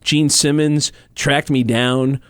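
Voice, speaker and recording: A male comedian and impressionist telling anecdotes in animated, quick casual storytelling. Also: medium pitch, no echo, clean studio sound.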